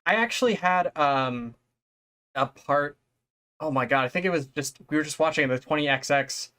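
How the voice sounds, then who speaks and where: A man's voice: a little high, normal speed, sharp tone. Easygoing joking male podcast guest. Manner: easygoing, chimes in with jokes. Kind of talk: casual chat.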